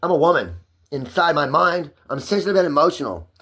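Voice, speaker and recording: A man in an angry, distressed personal monologue, cursing and ranting with his voice climbing toward a shout. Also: on the high side, animated, fairly quick. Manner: profane, agitated ranting.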